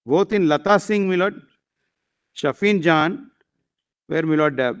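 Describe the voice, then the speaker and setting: A man's voice: on the high side, unhurried, smooth. A man arguing a case before a bench of judges, deferential and hesitant, constantly saying "my lord". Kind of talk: courtroom argument.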